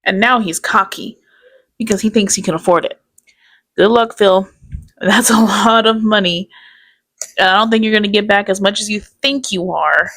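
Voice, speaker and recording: A woman's voice: medium pitch, normal speed, long pauses, a bit bright. A woman hosting a casual reaction commentary, chatty and sarcastic, often breaking into laughter. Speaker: commentary channel host.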